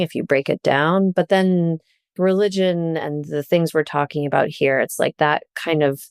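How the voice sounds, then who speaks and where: A woman, a journalist and author, talking as a podcast guest in a casual, animated way, often laughing as she tells stories. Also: low-pitched, vocal fry, smooth, no room sound, clean studio sound.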